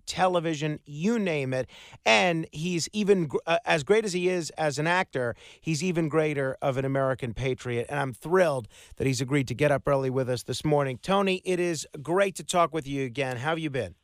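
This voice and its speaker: A man hosting a morning show interview, asking halting questions with fillers. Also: a little high, dry recording, studio quality. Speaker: radio host.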